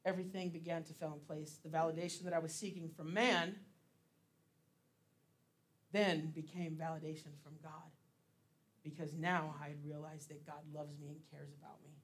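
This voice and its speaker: A man's voice: on the high side, little pitch movement, moderate pace, pauses often. A man giving a casual sermon as pastor, chatty and laughing often, with plenty of fillers.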